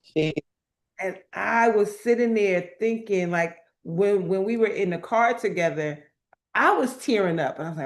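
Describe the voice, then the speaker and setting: A woman's voice: mid-range voice, normal speed. Woman telling a faith story animatedly. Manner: animated storytelling, acting out quoted voices; repeats phrases for emphasis. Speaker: motivational speaker. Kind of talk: faith-based testimony talk.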